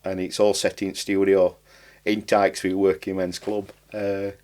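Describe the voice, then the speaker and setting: Chatty Barnsley man, low voice. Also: monotone, measured pace, a little mellow. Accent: Barnsley, South Yorkshire. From Barnsley, England. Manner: rambling, chatty, with broad dialect and dropped articles. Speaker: podcast guest, writer and comedian. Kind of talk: casual interview chat.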